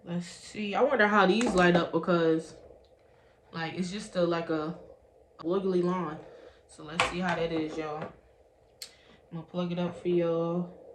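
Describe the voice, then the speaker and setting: A woman's voice: on the low side, steady tone, a little slow, long pauses. A young woman, chatting casually to viewers as "y'all" while unboxing and reviewing a product. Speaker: beauty vlogger reviewing a product. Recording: echoey room with faint background hiss.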